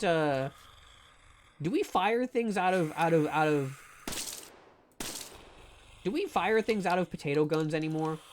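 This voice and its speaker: A man's voice: a little high, a little hiss or hum. A man streaming a game live, chatting casually to his viewers in a rambling, joking way and often stumbling over words. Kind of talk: casual live gameplay commentary.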